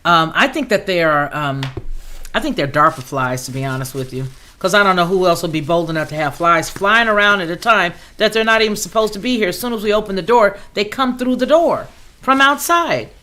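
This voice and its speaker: A woman's voice: mid-range voice, animated, a little fast, sharp tone. A woman hosting a casual livestream, chatting and reading viewer comments aloud in an outspoken, conversational way. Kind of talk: casual live-chat talk.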